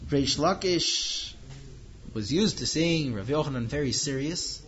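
Male storyteller, higher voice, acts out the lines, slightly muffled recording. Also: a little slow, a little hiss or hum. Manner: animated, acts out the characters' lines. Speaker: storyteller and teacher. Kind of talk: informal storytelling lesson.

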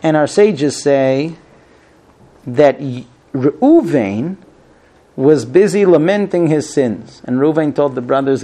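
A middle-aged man giving an informal Torah class, telling the story with lively acted-out dialogue. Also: slow. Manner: animated storyteller, acts out quoted speech with high pleading voice. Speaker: rabbi teaching the weekly Torah portion.

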